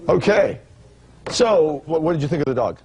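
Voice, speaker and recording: A man's voice: fairly high pitch, animated, moderate pace, a little mellow, husky. A man presiding as a television judge, putting brief, probing questions to the litigants.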